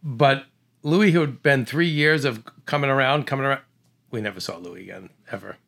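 A middle-aged man from the Boston area tells a story in easy conversation. His voice is gravelly and sits at a middle pitch. He talks in an animated way, throws in character voices and often restarts his sentences. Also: fairly quick.

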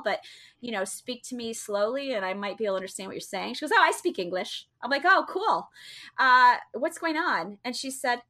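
A woman's voice: medium pitch, fairly bright tone. A woman telling a long story in casual chat, chatty and full of fillers and restarts. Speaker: co-host telling a travel story.

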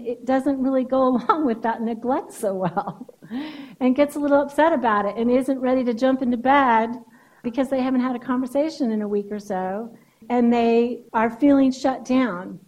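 A woman's voice: on the high side, moderate pace, darkish tone, rough recording. A woman therapist giving a keynote speech in a conversational lecturing way, often checking in with "right?".

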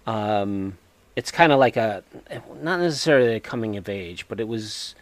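A man with a New England accent, co-hosting a podcast in casual chat, talking hesitantly with many filler pauses. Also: fairly low pitch, lively intonation, no echo. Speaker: podcast co-host.

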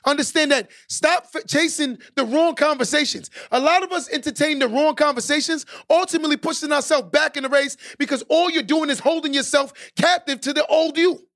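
Very high-voiced man preaching motivation. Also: fairly quick. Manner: emphatic and preachy, repeats key lines for stress; builds to shouted exhortations. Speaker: podcast host. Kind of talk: motivational podcast monologue.

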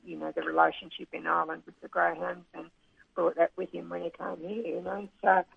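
A woman's voice: on the low side, little pitch movement, a little fast, creaky, breathy edge, no echo. A woman, a racing club manager interviewed by phone, talking fondly with many hesitations and restarts. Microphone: telephone. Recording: tinny phone line.

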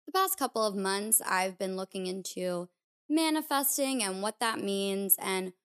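A woman's voice: mid-range voice, expressive, measured pace, fairly bright tone, clean tone. A woman hosting a podcast, talking candidly and confessionally about her own life in a casual, reflective way. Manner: candid, confessional, uses filler "like". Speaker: podcast host. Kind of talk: personal reflective podcast talk.

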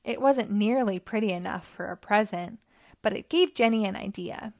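A woman hosting storytime, reading a children's picture book aloud in a gentle, clear way. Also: mid-range voice, moderate pace, no echo, clean studio sound. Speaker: storytime host.

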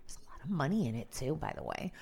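A woman's voice: low-pitched, very animated, fast, vocal fry, darkish tone, breathy edge. A woman who works in radio, co-hosting a podcast in a playful, bubbly casual chat. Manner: playful, bubbly, laughs often. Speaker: radio personality, podcast co-host.

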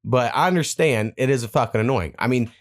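A young man hosts a casual podcast chat, talking fast at an ordinary pitch. He rambles from one story to the next and swears freely as he goes. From Oklahoma. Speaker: podcast host.

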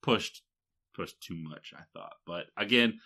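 A man's voice: low-pitched, measured pace, pushed and bright. A man from Michigan co-hosting a podcast, chatting casually in a rambling way with fillers and laughs. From Michigan, USA. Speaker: podcast co-host. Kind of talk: casual chat.

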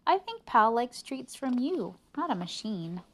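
Woman voicing a gentle, caring mom. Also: on the high side, sing-song, unhurried, pitched above the performer's own voice.

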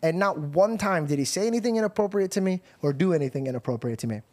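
A young man hosting a podcast, telling a story in a casual, animated way with laughter and swearing. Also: high-pitched, fast. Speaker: podcast host.

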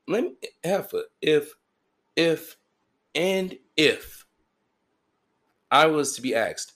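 A man's voice: a little high, lively intonation, slow pace, long pauses, fairly bright tone. A man hosting a podcast, delivering a crude, joking monologue full of repeated phrases and playful asides. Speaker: podcast host.

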